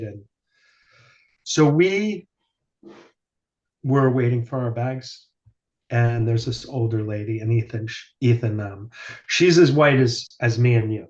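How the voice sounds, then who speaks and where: A man telling loose, meandering stories in casual podcast chat, swearing now and then and leaning on fillers. His voice sits in an ordinary middle pitch. The recording sounds muffled and lo-fi. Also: takes it slowly, long pauses, darkish tone. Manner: rambling storyteller, swears casually, many fillers. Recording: dull lo-fi sound.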